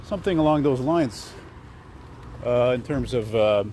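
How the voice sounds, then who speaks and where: A man's voice: medium pitch, lively intonation, unhurried, warm tone. Man, chatty and digressive, talking to a handheld camera while walking outdoors, light traffic hum. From Canada. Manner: chatty, digressive, filler-heavy. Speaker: vlogger. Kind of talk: rambling walking vlog. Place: outdoor city street.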